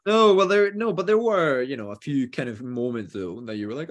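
Rambling man, mid-pitched. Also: animated, moderate pace, hardly any pauses. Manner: hesitant, rambling with many fillers. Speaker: podcast host. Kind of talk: casual sports chat.

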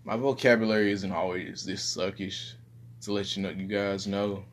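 A young man, rambling casually and profanely in a low-key, self-deprecating way. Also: level tone, moderate pace, slight background noise. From Southern United States. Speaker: vlogger.

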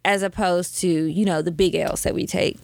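A woman's voice: lowish voice, fairly even intonation, normal speed, creaky, darkish tone, no echo. A young woman co-hosting a podcast, chatting frankly and playfully. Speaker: podcast co-host. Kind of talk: casual chat.

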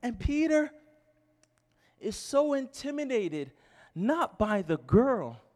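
High-voiced fervent preacher man, slow. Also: sing-song. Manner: fervent shouting preacher, drops to quiet storytelling; rhetorical questions, repetition. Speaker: pastor. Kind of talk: sermon.

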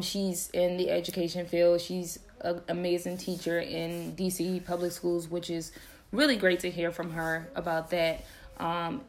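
Young woman host, chatty and animated, slightly low-pitched, laughs a lot; casual podcast talk. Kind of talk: casual chat to viewers.

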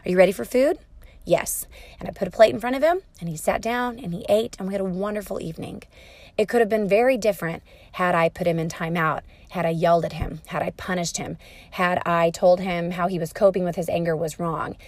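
Calm, patient woman giving parenting advice. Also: on the low side, a little fast, no echo. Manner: calm, patient, explanatory, soft-spoken at times. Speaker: parenting educator.

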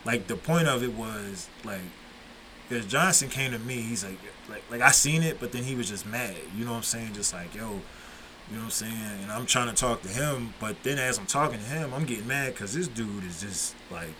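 A man's voice: mid-range voice, lively intonation, brisk, bright, forceful tone, slight background noise, rough recording. A man hosting a podcast, telling stories in a laid-back, profane, casual way. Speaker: podcast host.

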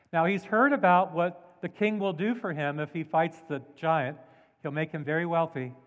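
A man's voice: high voice, in a large hall. A man preaching a sermon as pastor, telling stories with animation and acting out the voices of people he quotes. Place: church sanctuary.

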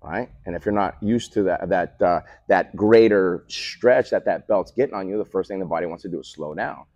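Explaining training methods at a moderate pace, this low-pitched man co-owns a speed training facility and speaks in a casual remote-call interview. He peppers his animated, coach-style stories with "right?" The sound is dry, missing its high end.

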